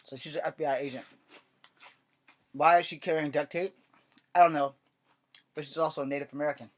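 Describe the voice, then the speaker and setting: A man's voice: on the high side, steady tone, a little fast. A man hosting a casual vlog who chattily retells the chapter he is writing, rambling and swearing freely. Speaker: writer and channel host.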